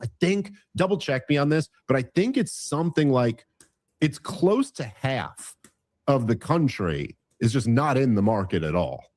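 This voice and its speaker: A man's voice: medium pitch, big pitch swings, moderate pace, darkish tone, dry recording. A man ranting in casual political chat, swearing and restarting his sentences often. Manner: ranting, profane, rambling with many restarts.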